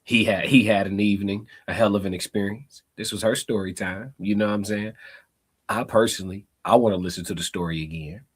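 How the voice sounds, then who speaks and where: A man's voice: fairly low pitch, brisk, breathy edge. Slangy male reaction-stream host. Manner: slangy, laughing, animated asides. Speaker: live show host. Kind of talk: casual reaction commentary.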